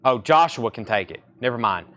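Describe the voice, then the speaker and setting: A man's voice: medium pitch, lively intonation, brisk, a bit bright. Southern man calling out record prices. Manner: rattles off titles and prices, repeats them. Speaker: live record sale host. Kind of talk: live-stream sales patter. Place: record shop surrounded by crates.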